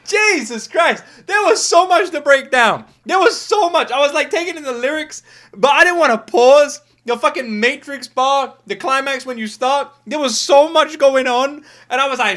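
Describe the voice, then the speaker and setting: A woman hosting a casual music reaction, exclaiming loudly, swearing a lot and laughing often. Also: high voice, moderate pace. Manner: excitable, loud exclamations, heavy swearing, frequent laughter. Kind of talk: casual first-listen reaction commentary.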